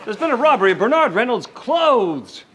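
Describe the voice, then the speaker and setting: An actor playing a bumbling, easily confused police detective in a sitcom, over the top. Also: male voice, very high voice, big pitch swings, normal speed, a bit bright, breathy edge, a faint crowd, full character voice. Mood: flustered. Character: bumbling London police detective, middle-aged man. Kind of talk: scripted sitcom acting.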